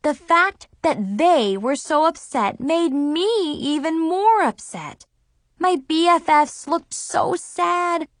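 Slow, expressive woman storyteller. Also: extremely high pitch, dry recording, clean studio sound. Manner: expressive, dramatic exclamations. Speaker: audiobook narrator. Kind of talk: first-person storybook narration.

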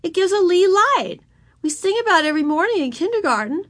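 High little girl voiced by a woman, lively pitch, shrill yelling, stubborn. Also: fast, full character voice. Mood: proud. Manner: shrill, shouting, tearful yells. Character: fiery little girl, kindergartner, stubborn and loud.

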